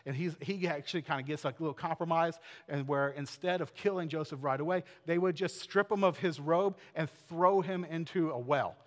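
A man preaches, retelling scripture like a story with plenty of asides and loose fillers. His voice sits a little high for a man. The sound rings out in a big hall with a long tail of reverb. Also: fairly quick. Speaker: pastor. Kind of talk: sermon.

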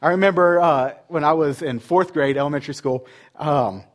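A man's voice: fairly high pitch, normal speed. A man in his thirties, a pastor, giving a casual, conversational sermon full of rhetorical questions and fillers.

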